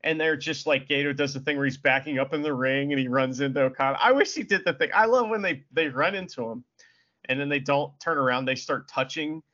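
A man's voice: a little high, fairly quick, bright, forceful tone, lo-fi sound. A man co-hosting a podcast, rambling with many fillers and plenty of enthusiasm. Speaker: podcast co-host. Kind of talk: casual chat.

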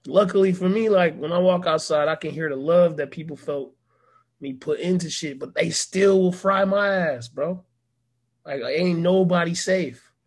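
A man's voice: on the high side, husky. A young man talking in a casual, slangy, laid-back way as an interview guest, with lots of fillers. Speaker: musician and actor guest.

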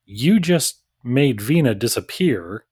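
A man co-hosting a podcast in casual chat, playful and quick to laugh, picking apart the plot. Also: mid-range voice, expressive, a little mellow, husky, no echo, studio quality. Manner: laughs often, playful, pokes holes in the plot. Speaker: podcast co-host.

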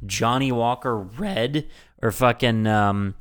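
A man's voice: mid-range voice, takes it slowly, clean tone. A man co-hosting a casual movie podcast, sarcastic and swearing freely as he rants. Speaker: podcast co-host.

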